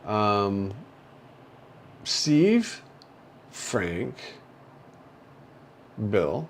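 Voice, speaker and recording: An older man hosting a casual livestream, talking in a halting, rambling way with many fillers and soft chuckles as he reads viewer chat. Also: fairly low pitch, sing-song, slight background noise.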